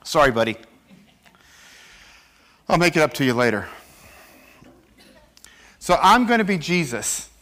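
A man's voice: a little high, slight background noise. A man preaching a sermon in a church, acting out scripture quotes as he goes. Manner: animated, acts out scripture quotes. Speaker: pastor.

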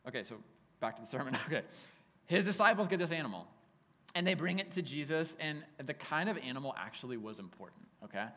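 Animated casual male pastor in a hall. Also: on the high side, quick pace. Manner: casual, animated storytelling with frequent "like". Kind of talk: sermon. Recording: hall reverb.

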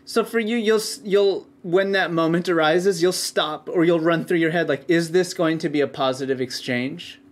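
A man hosting a casual conversation, relaxed and reflective. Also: a little high, moderate pace, hardly any pauses.

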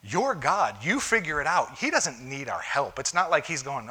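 A man's voice: a little high, big pitch swings, moderate pace, few pauses, bright, forceful tone, slightly rough. A man preaching a conversational sermon in a church, emphatic and often cutting in with "listen" to press a point. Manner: emphatic, keeps saying "listen". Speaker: pastor.

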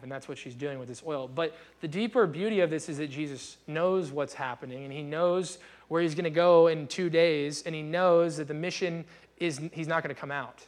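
Young guy preaching, kinda high voice, super casual and chatty, acts stuff out. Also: normal speed. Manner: casual, conversational preaching with lively acted-out asides. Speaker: pastor. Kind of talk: sermon.

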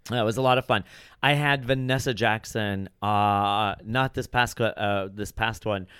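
Comedian guest, male, animated rambling delivery, smooth voice, dry close mic. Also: fairly low pitch, dry recording. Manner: animated storytelling, quick rambling. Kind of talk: casual chat. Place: his apartment in New York.

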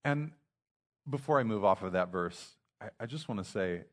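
Low-voiced man preaching conversationally. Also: lively intonation, normal speed. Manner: conversational preaching with frequent restarts and acted asides. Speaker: pastor. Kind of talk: sermon.

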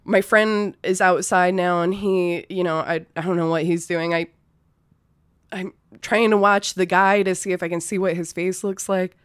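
Low, smooth-voiced woman telling a story. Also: steady tone, moderate pace, no echo, clean studio sound. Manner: loose and profane, many fillers, nervous laughs. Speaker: storyteller, former restaurant server. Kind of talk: casual spoken anecdote.

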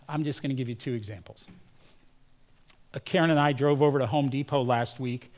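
A man preaching a sermon as pastor, telling personal stories and acting out the voices of the people in them. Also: mid-range voice. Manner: storytelling, acts out quoted voices. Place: church.

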